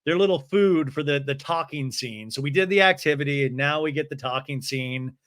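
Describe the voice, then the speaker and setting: Male podcast host doing a comedic recap: animated, sarcastic, slightly high, giggly. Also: brisk, no echo, studio quality.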